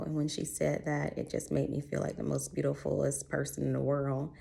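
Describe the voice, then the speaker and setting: A woman speaks low and gravelly, her voice going in and out now and then. She tells a personal story in a heartfelt, chatty way, with a dark, mellow tone. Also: steady tone, moderate pace. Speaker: vlogger. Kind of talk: personal health vlog.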